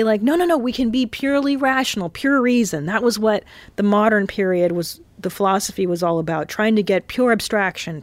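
A woman hosts her own podcast, talking off the cuff and rambling from one thought to the next. Her voice sits at an ordinary middle pitch, and the sound is dry and close, with hardly any room around it. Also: no echo. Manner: rambling, chatty, swearing, fillers and restarts. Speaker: podcast host. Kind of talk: casual solo podcast monologue. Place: hotel room.

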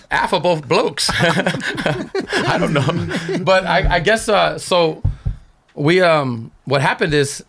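Guest: gravelly middle-aged man, lively street-story teller. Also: fairly high pitch, takes it slowly, a crowd in the background. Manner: animated, slangy storytelling full of quoted voices. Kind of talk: casual storytelling.

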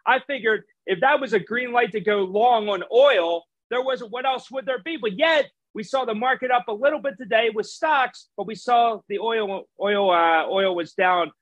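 A man hosting a finance talk show, opening with a lively, sing-song announcer delivery. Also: high voice, moderate pace, few pauses, no echo, muffled recording. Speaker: show host and trader.

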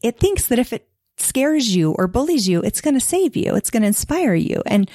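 A woman's voice: on the high side, sing-song, moderate pace, warm tone, no echo, clean studio sound. A woman, a professional organizer, talking earnestly and at length as a podcast guest, now and then acting out the voices she quotes. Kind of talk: podcast interview.

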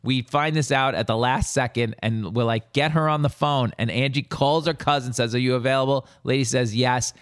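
Man, casual storytelling chat, smooth resonant voice, dry close sound, animated quoting. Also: medium pitch, moderate pace, hardly any pauses, no echo.

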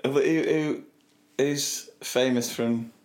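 A man's voice: medium pitch, fairly even intonation, drawn-out words, darkish tone, reverberant. A man co-hosting a casual podcast, putting listener questions to his partner and teasing him. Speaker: co-host.

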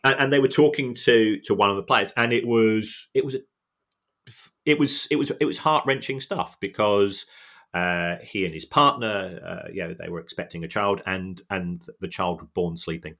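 A middle-aged man co-hosting a podcast, talking in an earnest, reflective and halting way. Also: on the low side, fairly bright tone. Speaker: podcast co-host. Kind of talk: casual podcast chat.

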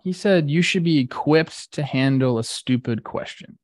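A man's voice: a little high, moderate pace, a little mellow, no echo, studio quality. A man cohosting a sports talk show, laid-back and filled with 'like' and 'dude'.

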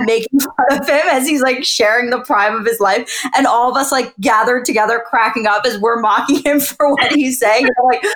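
A woman's voice: fairly high pitch, a bit bright. A woman co-hosting a podcast, chatting playfully and laughing as she talks. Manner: playful, laughs while talking. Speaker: podcast co-host. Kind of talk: casual chat.

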